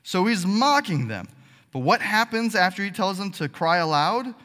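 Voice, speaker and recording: A man preaching a sermon as pastor, animated and sarcastic, checking in with the congregation with frequent "okay?" asides. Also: high-pitched, moderate pace. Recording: long hall reverb.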